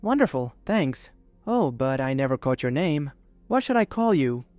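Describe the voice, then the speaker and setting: Ancient sith woman's spirit in a holocron, put on by a man, gentle and patient, higher voice, clean smooth tone. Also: big pitch swings, moderate pace, no echo, faint music behind, close to an everyday voice. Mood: kindly. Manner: gentle, warm, motherly patience.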